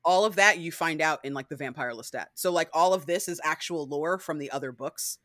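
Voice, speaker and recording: A woman chatting casually as a podcast guest, animated and blunt, swearing freely. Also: deep voice, fairly quick, no room sound, clean studio sound. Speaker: guest co-host.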